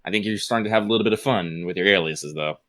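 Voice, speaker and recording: A man co-hosting a podcast, chatting casually and reading out listener mail in an animated way, laughing often. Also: low-pitched, racing. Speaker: podcast co-host.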